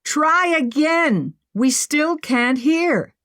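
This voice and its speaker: A woman's voice: medium pitch, big pitch swings, a little slow, dry recording, clean studio sound. A woman voicing an impulsive, upbeat young woman who brushes off worry, in an audiobook.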